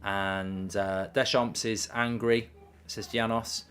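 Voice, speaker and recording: A man's voice: lowish voice, little pitch movement, takes it slowly, a bit bright, smooth. A man casually chatting on a live stream, reading out viewer messages with plenty of ums. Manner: chatty, reads chat messages aloud, frequent ums. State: hiccups. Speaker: watchalong streamer.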